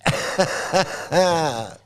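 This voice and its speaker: A man's voice: on the high side, big pitch swings, drawn-out words, a bit bright, clear, resonant tone. A man giving casual reaction commentary on clips, rambling and repeating himself, laughing often.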